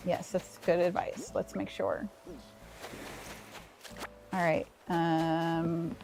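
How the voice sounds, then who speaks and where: Soft-spoken woman streaming a cozy game. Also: medium pitch, fairly even intonation, a little hiss or hum, low-quality recording. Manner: soft, unhurried, talking to viewers. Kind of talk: casual gameplay commentary. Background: faint game music.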